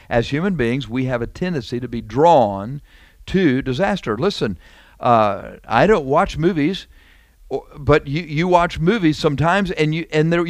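A man's voice: on the high side, dry recording. Emphatic preacher man, dry close sound. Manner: repetitive, emphatic, conversational with rhetorical questions. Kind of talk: sermon.

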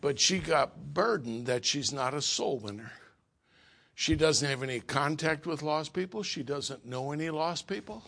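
Bright high-voiced man preaching. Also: animated, normal speed, creaky. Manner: storytelling, swinging from hushed asides to shouted peaks. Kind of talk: sermon.

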